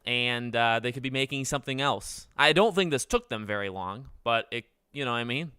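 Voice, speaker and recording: A man's voice: mid-range voice, a little fast, bright, forceful tone, clear, resonant tone, no echo, clean studio sound. A man in his twenties hosting a casual livestream, chatting with viewers in a rambling, self-correcting way. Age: 20s. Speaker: livestream host.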